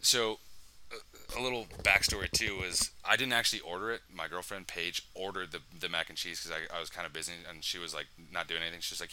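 A very deep-voiced young man from Texas rambles through a self-mocking story on a podcast, swearing as he goes. His voice is sharp and bright up top, with a faint hiss under the recording. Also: steady tone, fast. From El Paso, Texas. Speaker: podcast co-host. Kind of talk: casual comedic storytelling.

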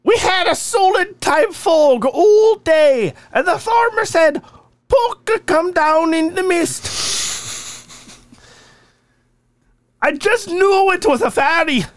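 A man putting on an Irish woman's voice with an Irish accent, reading accounts of fairy meetings in a slow, lilting storyteller manner. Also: extremely high pitch, animated, no room sound, full character voice. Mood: heartfelt. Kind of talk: reading listener stories aloud.

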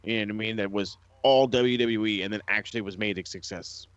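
A man rants animatedly and profanely about wrestling in a casual podcast chat. His voice sits a little low, and the recording is dry and somewhat dull and lo-fi. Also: steady tone, a little fast, dry recording.

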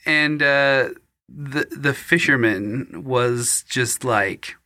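Bright-voiced man telling a story casually. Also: mid-range voice, very slow, no room sound, studio quality. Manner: rambling, filler-heavy, slips into mock-archaic reading voice. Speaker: podcast co-host retelling a legend.

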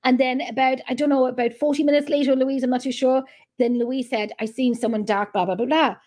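Chatty Irish woman, fairly high voice. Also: a little fast. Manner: chatty storyteller, animated retelling. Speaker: host. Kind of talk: casual chat.

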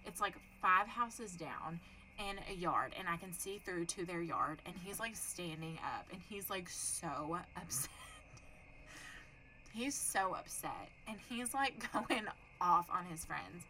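A young adult woman tells a story on a podcast. Her voice is bright and clear. She swears freely and acts out the people she talks about, with a faint hum of noise behind her. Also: on the low side, expressive, slow pace, low-quality recording. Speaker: podcast co-host. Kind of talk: casual chat, storytelling.

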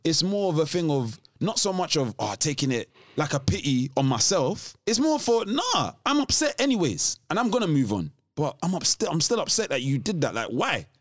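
A man co-hosting a podcast in casual chat, animated, often restarting his sentences. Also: fairly high pitch, a little fast, few pauses, no echo, studio quality. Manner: animated, restarts often, laughs between points. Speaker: podcast co-host.

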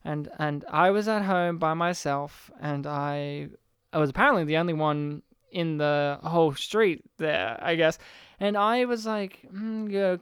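A man in casual chat, telling an animated story and acting out his own past lines with sighs and huffs. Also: on the high side, a little slow, smooth, no room sound, studio quality.

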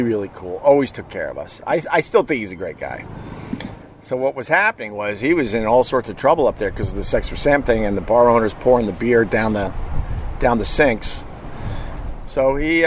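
A man's voice: mid-range voice, slight background noise. A middle-aged man hosting a show, telling a rambling story in a casual, profane way and chuckling as he goes. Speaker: podcast host.

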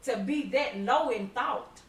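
A middle-aged mother tells family stories in a casual chat, her voice a little high and a little slow. She acts out the quotes and laughs often, recorded in a roomy space far from the mic with faint noise.

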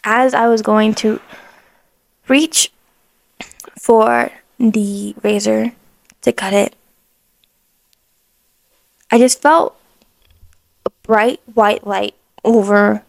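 A woman hosting a podcast tells her personal faith testimony in an emotional way, full of "like" fillers, sometimes dropping to a hushed whisper. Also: mid-range voice, steady tone, slow pace, creaky, long pauses, dry recording. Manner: emotional, heavy use of "like" fillers; drops to a hushed whisper in moments of prayer. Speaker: podcast host.

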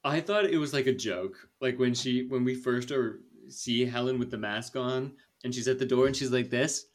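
A young man hosting a casual movie review chat, chatty and animated, laughing often. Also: medium pitch, normal speed. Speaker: podcast host.

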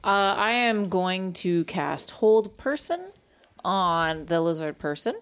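A woman's voice: fairly low pitch, expressive, slow, clean tone. A woman playing a tabletop game, steadily reading spell rules aloud. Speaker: player. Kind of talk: casual tabletop game play.

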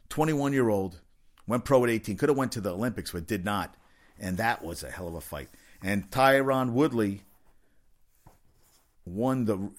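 A man hosting a casual sports talk monologue, animated and given to incredulous outbursts, repeating words when worked up. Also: lowish voice.

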